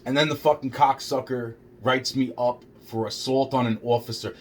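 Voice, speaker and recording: A man's voice: medium pitch, steady tone, normal speed, slight background noise. Agitated, profane man telling a story. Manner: heavily profane, agitated, repetitive. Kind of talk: rambling first-person storytelling.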